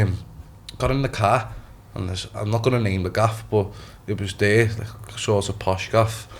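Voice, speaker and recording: A man's voice: medium pitch, slight background noise. A man with a Liverpool accent, a boxer chatting casually as a podcast guest, rambling and swearing often. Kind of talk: casual chat.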